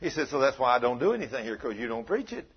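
Husky preacher telling a story. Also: male voice, medium pitch, very fast, lo-fi sound. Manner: animated, swings from shouting to hushed. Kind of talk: storytelling sermon.

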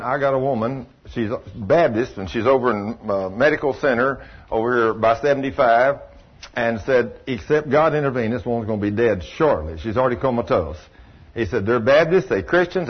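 A man's voice: mid-range voice, slightly rough. Folksy preacher man, lo-fi. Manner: folksy storytelling preacher, acts out dialogue. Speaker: pastor. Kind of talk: sermon. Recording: dull lo-fi recording with faint hiss.

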